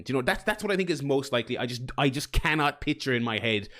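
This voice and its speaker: A man's voice: medium pitch, expressive, fast, few pauses, a bit bright. A man chatting casually to his live-stream viewers, rambling with lots of restarts and some swearing.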